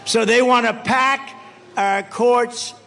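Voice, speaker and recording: A man's voice: very high-pitched, fairly even intonation, takes it slowly, vocal fry, a bit bright. An older man giving an off-the-cuff campaign rally speech, rambling and repetitive, with punchy phrases. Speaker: political speaker at a rally.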